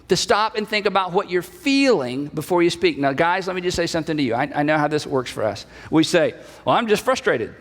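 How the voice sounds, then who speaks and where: A man's voice: fairly high pitch, expressive, fairly quick, hardly any pauses. A middle-aged man preaching a sermon in a conversational way, repeating key phrases and acting out bits of dialogue. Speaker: pastor. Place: church sanctuary. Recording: reverberant church hall.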